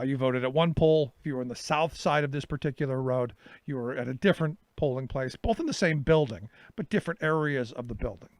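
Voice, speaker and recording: A man's voice: a little high, no echo. A middle-aged male talk show host telling a story in a casual monologue and acting out his own exchanges.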